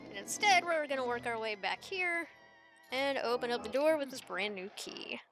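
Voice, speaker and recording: A woman's voice: sits high, lively intonation, normal speed, music in the background. A woman giving casual, playful gameplay commentary as a let's play host, giggling and making joking asides.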